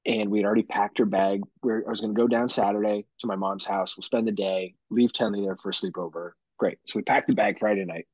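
A man hosting a podcast, telling a profane, animated story about his kids in casual chat. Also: lowish voice, quick pace, hardly any pauses, dry recording. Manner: profane, animated storytelling with mock-dramatic quotes. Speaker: podcast host. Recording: dull lo-fi podcast audio.

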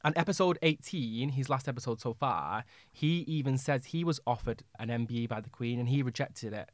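A man chatting as a podcast co-host, speaking in an opinionated, animated way and laughing easily. His voice sits at a middling pitch. The recording is dry and close, with no room sound. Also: a little fast, dry recording. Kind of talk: casual chat.

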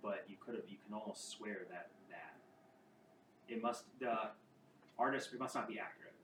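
A man narrating as game master of a tabletop game, with halting, restarting descriptions. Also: on the low side, sharp tone. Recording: roomy, distant mic with clear background noise.

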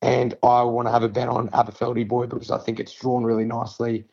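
An Australian man at a middling pitch talks through horse racing form in a relaxed podcast chat. He works through the runners at length, with fillers and restarts. The sound is a little dull and lo-fi. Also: fast talker, creaky, husky. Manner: analytical, rambling through form lines with fillers. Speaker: racing tipster co-host. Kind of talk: casual racing tips chat.

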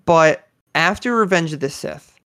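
A man in his twenties in a casual chat, talking earnestly and excitedly as a fan. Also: fairly high pitch, a little slow, vocal fry, no room sound, studio quality. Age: 20s.

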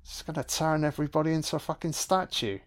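A man giving an audio-only film commentary, reacting with profane, excitable remarks. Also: a little high, fast talker.

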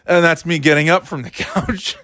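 A man's voice: a little high, normal speed, bright, forceful tone, no room sound, studio quality. A man vlogging at home, talking in a rambling, self-deprecating, casually profane way. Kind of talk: casual monologue to camera. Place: at home in a living room.

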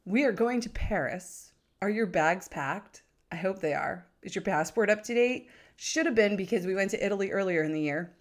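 A woman's voice: mid-range voice, lively intonation, normal speed, few pauses. A woman hosting a podcast, chatting in a bubbly, enthusiastic way that rambles with fillers. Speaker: podcast host.

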